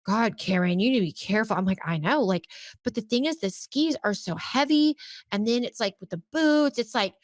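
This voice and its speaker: A woman co-hosting a casual chat show, telling animated stories and acting out what people said. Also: a little high, fairly quick, no echo, clean studio sound. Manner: animated, exclaims and acts out quotes. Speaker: podcast co-host.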